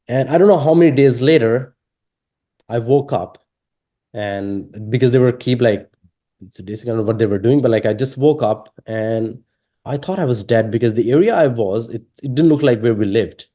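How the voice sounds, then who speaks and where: A man from Pakistan, telling his personal story in an interview, halting and full of fillers and restarts. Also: mid-range voice, dark tone. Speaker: interviewee sharing his testimony.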